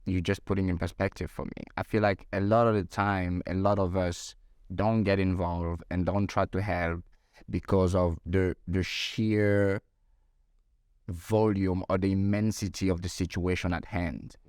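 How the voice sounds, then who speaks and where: A man's voice: deep voice, level tone, a little slow, a little mellow, clean tone, no room sound, studio quality. A man hosting an interview, thinking aloud and searching for his words. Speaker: interview host. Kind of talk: reflective interview talk.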